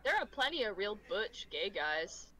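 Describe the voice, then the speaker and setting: A woman chatting at a tabletop game table in an excitable, gushing way. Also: medium pitch, moderate pace, poor audio. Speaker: player. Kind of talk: casual tabletop game chat.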